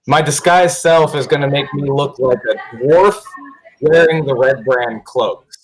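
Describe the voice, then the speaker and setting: A man's voice: medium pitch, unhurried, rough recording. A man playing a tabletop game, chatty and hesitant, with many fillers. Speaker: player. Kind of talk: casual tabletop game play.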